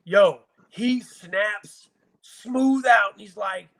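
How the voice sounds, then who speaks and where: A man's voice: high-pitched, drawn-out words, a bit bright. A man from Virginia bluntly recounting hard times in a casual, profane, emotional interview. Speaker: guest telling his life story.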